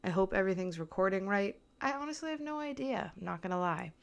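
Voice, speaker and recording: A young woman hosts her own podcast from a small apartment, recording on a mic with a camera on a tripod. Her medium-pitched, gravelly voice is animated and quick as she chats nervously in a casual solo episode, rambling with plenty of filler words. The sound is lo-fi.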